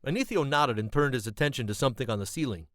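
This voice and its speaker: A man narrating an amateur fantasy story in a plain, steady way. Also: medium pitch, quick pace, dry recording, rough recording.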